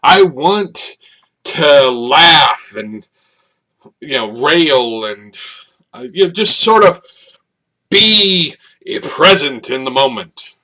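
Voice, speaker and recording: A man's voice: a little high, lively intonation, takes it slowly, bright, forceful tone. A man hosting a solo podcast, rambling reflectively with many fillers and restarts. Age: adult, over 30. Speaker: podcast host. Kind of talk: casual solo monologue.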